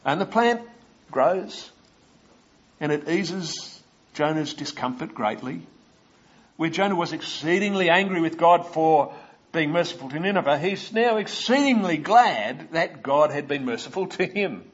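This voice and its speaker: The voice is fairly high, animated and a bit breathy: an Australian man preaching an expository sermon, measured and explanatory, with frequent "uh"s and side remarks to listeners, all in lo-fi sound.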